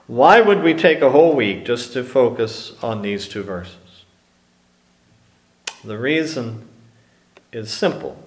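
A man preaching a sermon slowly and emphatically, with dramatic pauses on key words. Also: medium pitch, animated, reverberant. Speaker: pastor.

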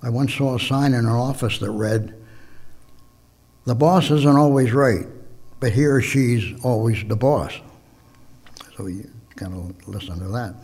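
Husky male preacher, measured sermon delivery, mid-range voice. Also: medium pitch, a little mellow. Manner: measured, slips and self-corrects, tells jokes.

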